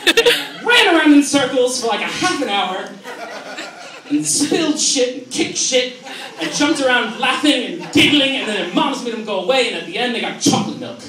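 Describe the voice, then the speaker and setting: A young man in his twenties doing a profane, self-mocking stand-up comedy routine on a club stage, with an animated delivery. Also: extremely high pitch, normal speed, noisy background. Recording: echoey comedy club, distant mic, loud crowd. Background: loud audience laughter.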